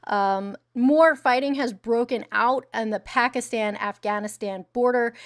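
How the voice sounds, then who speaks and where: A woman's voice: mid-range voice, gravelly, fairly bright tone, dry recording, studio quality. A young adult woman hosting a casual news commentary livestream, blunt and sarcastic, swearing freely. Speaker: livestream host.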